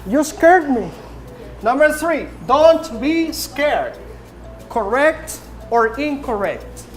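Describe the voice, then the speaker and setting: Slow-talking woman teacher drilling a class. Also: high-pitched, big pitch swings, faint music behind. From Nicaragua. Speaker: English teacher.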